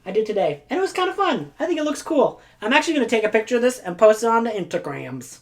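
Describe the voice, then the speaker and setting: A woman's voice: on the high side, animated, fast. A woman chatting casually as a book vlogger, rambling with goofy asides, silly sound effects and lots of filler words. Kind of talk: casual chat.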